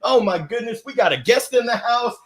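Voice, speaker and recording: His voice is extremely high, fairly bright and animated, and he talks fairly quickly. The man is running a lively motivational live stream, reading chat comments and hailing viewers by name amid exuberant energy and frequent laughter.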